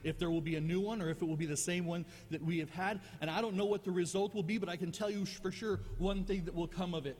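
A man's voice: high-pitched, fairly even intonation, quick pace, hardly any pauses, darkish tone, breathy edge, long reverb tail. A male pastor preaching a sermon in a conversational, self-deprecating way, often repeating words as he goes.

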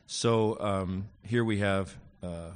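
A man with a fairly low voice lectures on Greek grammar to a class. He speaks haltingly, filling pauses with fillers and slipping in wry asides. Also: fairly even intonation. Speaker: Greek teacher.

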